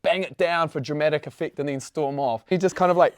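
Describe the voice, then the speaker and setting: A podcast guest chats with a friend in a laid-back, rambling way, with lots of "like" between phrases. The voice sits in a lowish middle register, and the recording is dry with no room sound. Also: quick pace, clean tone, no room sound. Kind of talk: casual chat.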